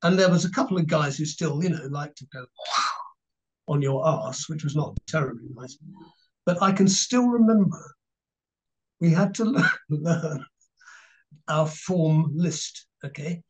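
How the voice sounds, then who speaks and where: An English man in his sixties, a guest actor telling animated stories and laughing through an interview. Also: fairly high pitch, a little slow, long pauses. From England. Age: 60s. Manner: animated storyteller, laughing, mimicking others. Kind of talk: casual anecdotal interview. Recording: dull lo-fi recording.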